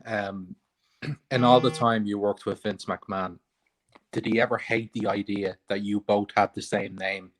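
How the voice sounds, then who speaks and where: A man on a panel asking a quick, quiet, wry question. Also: lowish voice, steady tone.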